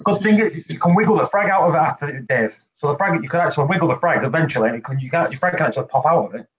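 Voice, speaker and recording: A man's voice: fairly high pitch, expressive, rapid-fire. A man hosting a casual live stream, chatty and repetitive, explaining each step as he demonstrates. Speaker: reef-keeping show host. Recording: slightly muffled live-stream audio, faint hiss.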